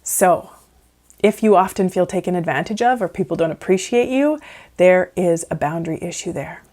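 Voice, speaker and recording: A woman's voice: fairly low pitch, normal speed, a little mellow. A woman counsellor giving casual advice in a conversational way, often checking in with "right?". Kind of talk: casual advice talk to camera.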